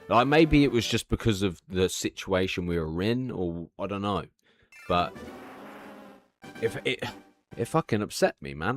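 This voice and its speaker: A man's voice: on the low side, animated, normal speed, long pauses, faint music behind. A young man streaming and chatting candidly, confiding and swearing freely. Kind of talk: casual live-stream chat.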